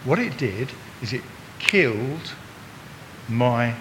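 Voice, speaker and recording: A man's voice: expressive, slow. An Englishman in his sixties, a visiting preacher giving a chatty, joking church talk that draws in his listeners. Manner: chatty and jokey, talks to the congregation. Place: church hall. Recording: long hall reverb, faint rumble.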